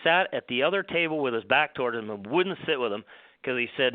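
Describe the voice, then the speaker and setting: A male golf professional, a guest, telling stories in a rambling, animated way with many restarts. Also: mid-range voice, fast. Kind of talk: storytelling on a radio show. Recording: dry phone line.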